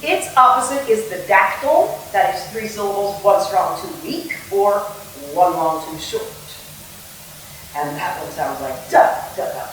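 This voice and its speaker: A woman's voice: mid-range voice, expressive, unhurried. Woman, theatre director, playful lecture on meter, echoey room, distant mic, faint background hum. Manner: playful, sings and acts out rhythms.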